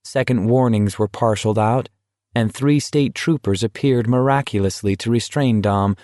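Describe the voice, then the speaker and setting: Male audiobook narrator, mid-pitched, steady, close dry mic. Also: normal speed, no echo. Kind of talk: scripted narration.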